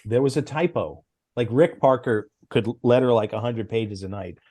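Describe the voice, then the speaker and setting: Animated middle-aged man telling stories. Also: medium pitch, normal speed, no echo. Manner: animated, acts out quoted dialogue. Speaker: guest, former comics editor. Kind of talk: interview storytelling.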